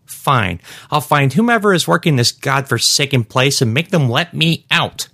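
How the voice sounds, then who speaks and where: A man's voice: medium pitch, expressive, normal speed, vocal fry, pushed and bright, dry recording, studio quality, voice pushed up, heavily acted. A man voicing an imperious, short-tempered older woman in a storybook reading, speaking in a haughty, demanding manner.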